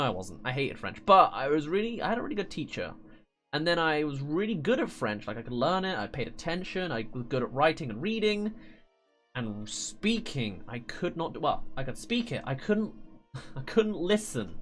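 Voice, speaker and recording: A man's voice: fairly high pitch, fairly bright tone. Chatty streamer man over faint game music. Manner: chatty and rambling, laughs often, stumbles over words. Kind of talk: live-stream gameplay commentary.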